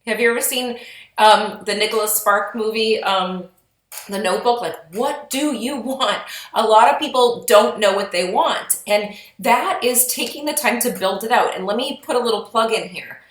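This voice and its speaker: A woman co-hosting a podcast, talking in an earnest, chatty way that turns animated when she quotes people. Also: mid-range voice, normal speed. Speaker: podcast co-host. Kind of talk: casual podcast talk. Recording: roomy echo.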